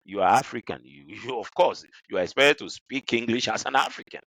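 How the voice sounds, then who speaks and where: A man's voice: fairly quick, no echo. A man with a Nigerian accent, a guest on a podcast interview, telling workplace stories animatedly. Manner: animated storyteller who jumps high to act out quoted people.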